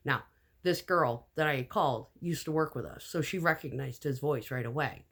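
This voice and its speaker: Blunt, animated woman telling a story. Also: deep voice, normal speed. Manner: animated, acts out quoted dialogue; blunt, swears casually. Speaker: vlogger telling a personal story. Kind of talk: casual storytime monologue.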